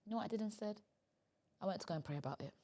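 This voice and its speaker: A woman hosting a comedy podcast in casual chat, emphatic and teasing, jumping from loud bursts to quiet asides. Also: mid-range voice, animated, racing. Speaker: podcast host.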